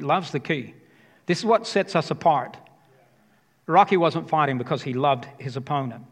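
A man preaching a sermon as pastor, talking passionately and emphatically and repeating his key phrases. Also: a little high. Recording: long hall reverb.

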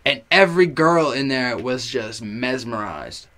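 A young man, a rapper on as a podcast guest, telling a party story in casual chat, animated and profane, packed with fillers. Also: mid-range voice, a little slow.

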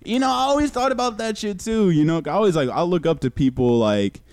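A man's voice: high-pitched, expressive, quick pace, darkish tone, no echo, clean studio sound. Laid-back young man telling stories. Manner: laid-back, slangy, laughing through stories. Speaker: podcast guest. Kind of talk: casual chat, storytelling.

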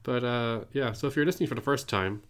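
A man co-hosting a casual podcast while sick, with a deep voice and a laid-back, self-deprecating way of talking. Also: fast, fairly bright tone, smooth. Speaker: podcast co-host.

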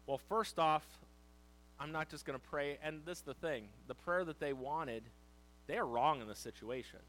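Animated preaching man, raised voice. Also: fairly high pitch, rough recording. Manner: animated preaching, leaning on key words and slowing on scripture. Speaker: pastor. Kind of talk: sermon.

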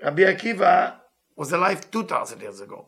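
A man teaching a Talmud story with impassioned, earnest storytelling, reading Hebrew text quickly and then retelling it in plain English. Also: high-pitched, sing-song, gravelly, bright, forceful tone. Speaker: Torah teacher.

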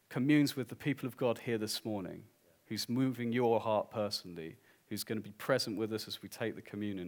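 A man preaching a sermon as pastor, swinging from hushed, drawn-out lines to loud, emphatic declarations. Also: lowish voice.

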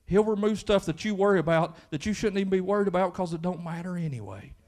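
A man's voice: sits high, expressive, quick pace, a little mellow. A man with a Kentucky accent, preaching a sermon in church in a conversational style that rises into fervent emphasis. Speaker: pastor.

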